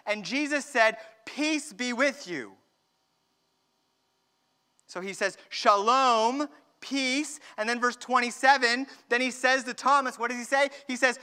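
Man, pastor, sermon, very high voice, smooth and clear, animated. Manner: animated, acts out dialogue, slows down for emphasis.

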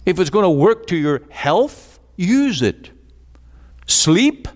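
A man's voice: high voice, sing-song, slow, big-room sound. A man preaching a sermon, emphatic, drawing out key words and repeating his points.

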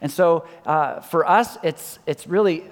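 A fairly high-voiced man delivers a sermon from the pulpit, leaning on repeated phrases and letting his sentences fall soft and quiet. His voice rings out through the long reverb of a large church hall. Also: measured pace. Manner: emphatic, repeats key lines, drops to soft quiet endings. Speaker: pastor.

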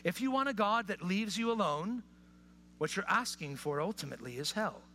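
A man preaching a sermon to a live congregation, dropping to hushed, intimate asides and rising to impassioned appeals. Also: sits high, animated, normal speed, slight background noise. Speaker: pastor. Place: church or hall with live audience.

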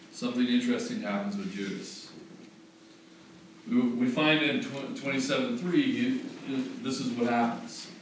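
A man preaching a conversational sermon, correcting himself as he goes and building to emphatic rhetorical questions. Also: mid-range voice. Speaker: pastor. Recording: very echoey room, distant mic, faint noise.

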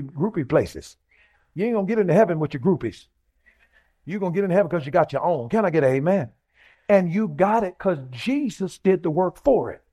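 A male pastor preaches in a rhythmic, rolling cadence. His voice sits somewhat high for a man. He keeps calling on the congregation to answer back. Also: darkish tone. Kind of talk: sermon.

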